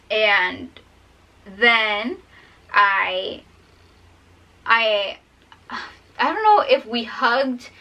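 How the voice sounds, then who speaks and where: A young woman vlogger, voice on the high side and sharp, tells a personal story while drawing, holding back tears and rambling with lots of fillers. The recording is rough.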